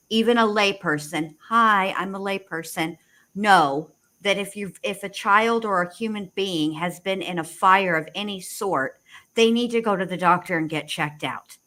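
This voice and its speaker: A woman co-hosting a casual livestream, talking in rushed restarts with sarcastic asides. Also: fairly low pitch, bright, forceful tone. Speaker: co-host.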